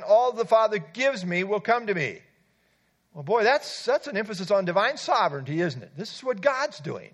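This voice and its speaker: Lively-pitched man preaching a sermon. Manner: lively, conversational preaching with asides. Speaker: pastor.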